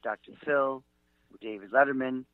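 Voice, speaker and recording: Middle-aged male comic guest, halting anecdotal teller with fillers, acts out quotes; tinny phone line, dry. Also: mid-range voice, fairly even intonation, no echo. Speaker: guest, comedian and author. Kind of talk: rambling anecdotal storytelling.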